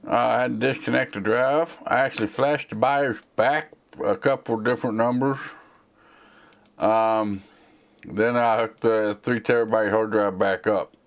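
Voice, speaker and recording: A man's voice: mid-range voice, steady tone, a little slow. A man with a Southern American accent and a slight slur, rambling casually as he answers viewer questions on a live tech stream. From United States. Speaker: tech channel host.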